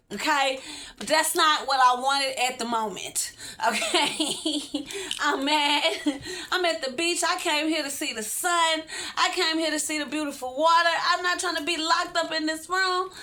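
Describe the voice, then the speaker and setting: Woman, casual storytime vlog, high voice, talks straight to viewers. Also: unhurried, a little hiss or hum. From Texas, USA. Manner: animated, chatty, laughs often, addresses viewers directly. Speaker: vlogger.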